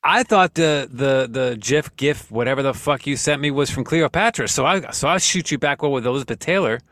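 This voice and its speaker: A man's voice: medium pitch, a little fast, a bit bright, no room sound. Laid-back wry man, dry close sound. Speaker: podcast host. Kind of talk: casual chat.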